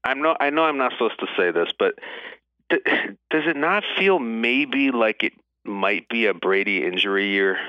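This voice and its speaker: A man who is a guest on a podcast, talking football in an excitable, emphatic way and repeating his points. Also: medium pitch, normal speed, clear, resonant tone, no echo. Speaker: podcast guest, TV show cohost. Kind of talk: casual sports chat. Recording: dull lo-fi sound.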